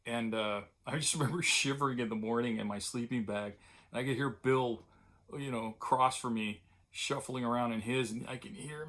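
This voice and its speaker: An older Californian man hosts his own vlog, reminiscing loosely with lots of fillers and restarts. A wistful tenderness comes through when his memories turn to old friends. His mid-range voice is a little fast and a bit bright.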